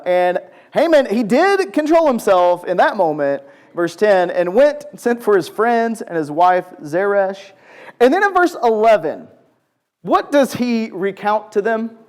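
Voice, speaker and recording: A man teaching a conversational Bible lesson to a group in a large church room, asking the audience questions and acting out quotes. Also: high voice. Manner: animated, asks the audience questions, acts out quotes.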